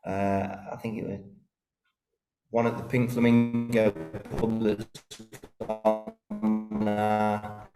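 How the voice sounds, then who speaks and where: A man's voice: on the low side, monotone, extremely slow, loud music behind the voice. Bloke in his 50s, singer in a band, rambly chatty stories, recorded in an echoey rehearsal room. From East Midlands, England. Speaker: band lead singer, interview guest. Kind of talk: casual storytelling interview. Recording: roomy rehearsal room echo.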